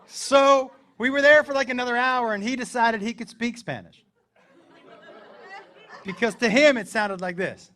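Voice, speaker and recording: A middle-aged man tells a story on a comedy club stage and slips into each character's voice as he goes. His voice sits high and sounds bright and forward. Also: measured pace, pauses often, a faint crowd. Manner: animated, acts out characters in the story. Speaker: stand-up comedian. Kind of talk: stand-up storytelling.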